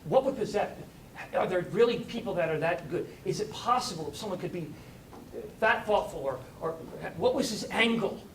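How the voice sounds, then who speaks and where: A man voicing an earnest woman who excitedly retells a kindness done for her, full of wondering questions, heard in an echoey recording from a distance with a faint rumble. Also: normal speed.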